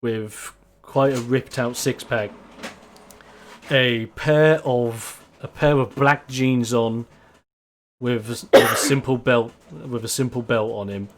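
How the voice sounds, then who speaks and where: A man's voice: mid-range voice, steady tone, slow, a little hiss or hum. A man narrating a tabletop game as game master in a rambling way. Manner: rambling, with fillers.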